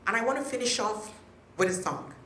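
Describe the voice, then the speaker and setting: A woman's voice: on the high side, animated, fairly quick, a bit bright, a little hiss or hum. A woman giving a speech to an audience at a peace event, engaging them with questions. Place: hotel function room. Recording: echoey room.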